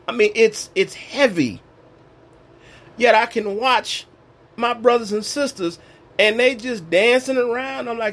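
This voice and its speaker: A man's voice: very high-pitched, measured pace, long pauses, a bit bright. A man giving an emotional personal faith testimony, questioning and acting out bits of dialogue, his voice a little strained. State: voice strained, recently lost.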